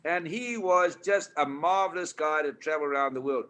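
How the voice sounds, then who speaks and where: An older South African man telling animated stories with lots of emphasis. His voice is bright and forceful, and it sits fairly high for a man. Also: moderate pace. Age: 80s. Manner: lively, emphatic, laughs at his own stories. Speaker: guest. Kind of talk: animated storytelling.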